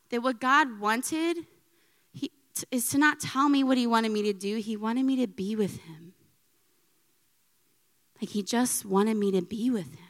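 Bright clear-voiced woman in her 30s telling her faith story, lots of "right?", big echoey hall. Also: fairly high pitch. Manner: chatty, frequent "right?" tags, laughs often. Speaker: speaker giving a faith talk. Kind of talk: personal testimony talk. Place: church hall with audience. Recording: long reverb in a hall.

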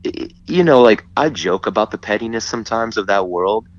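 A man telling a story in casual chat, animated and often laughing as he acts out what others said. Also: fairly low pitch, a little fast. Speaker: guest. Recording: dull lo-fi sound.

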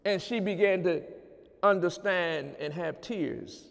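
A man with a high, gravelly voice preaches to his congregation, moving from relaxed storytelling into emphatic, repeated call-outs. His words ring out with a long hall reverb around them. It sounds like a live church sermon. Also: slow pace. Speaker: pastor. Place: church sanctuary.

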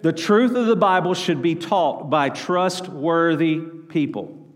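Preaching unhurriedly in a somewhat high voice, this pastor calls on his congregation to answer back during his sermon. The sound carries the long reverb of a church sanctuary hall.

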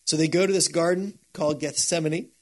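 A pastor preaching a sermon in a casual, animated storytelling way. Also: male voice, a little high, a little fast.

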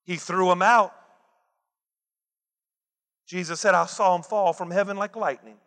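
Guy preaching, ringing bright tone, keeps asking the crowd questions, big echoey hall. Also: sits high, steady tone, measured pace. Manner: emphatic, asks the listeners rhetorical questions. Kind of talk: sermon. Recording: long reverb of a large hall.

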